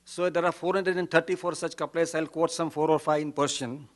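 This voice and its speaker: A man's voice: fairly high pitch, steady tone, a little fast. A man with an Indian English accent giving an earnest conference lecture as a Zoroastrian priest, reciting Persian couplets and stressing his points.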